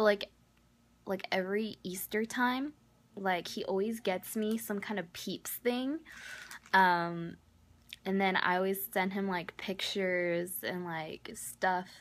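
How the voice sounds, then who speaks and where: A woman's voice: mid-range voice, a little hiss or hum. A young woman telling a story in a casual vlog, gossipy and exasperated, filling her talk with "like". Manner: gossipy, exasperated, heavy use of "like". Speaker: vlogger.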